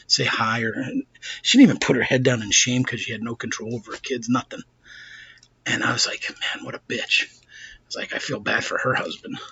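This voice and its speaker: A man with a New York accent telling a profane, excitable story while showing off a shopping haul in a casual vlog. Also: mid-range voice, gravelly, husky, muffled recording. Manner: blunt, profane, excitable, with asides and restarts.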